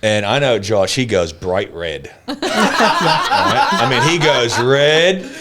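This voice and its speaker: A man with an Australian accent hosting a podcast, telling anecdotes in a casual, animated way and laughing often. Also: mid-range voice, slow pace, very noisy. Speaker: podcast host.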